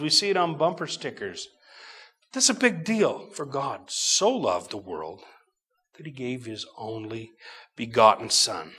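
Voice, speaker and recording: Slow-preaching man teaching scripture. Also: a little high. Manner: slow, emphatic Bible teaching with sudden loud bursts and quiet drops. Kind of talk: sermon.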